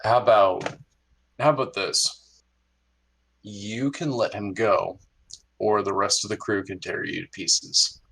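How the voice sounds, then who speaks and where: A man's voice: fairly low pitch, steady tone, takes it slowly, creaky, long pauses, a bit bright, breathy edge, exaggerated voice, rough recording. A man voicing a loyal pirate first mate who talks bluntly and makes threats. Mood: stern.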